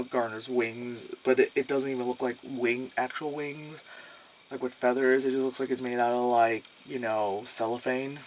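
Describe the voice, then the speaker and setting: A man talks through a movie in a loose, rambling way, sprinkling in filler words and dry sarcasm. His voice sits at an ordinary middle pitch. He swears freely as he goes. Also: a little hiss or hum. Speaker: movie reviewer. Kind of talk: casual movie review.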